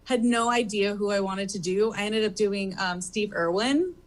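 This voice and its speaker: Speaking at a normal speed and medium pitch, this woman is a drag performer appearing as a talk show guest on a comedy theater stage. The interview is casual, and she wanders through her answers with plenty of "um" and "like."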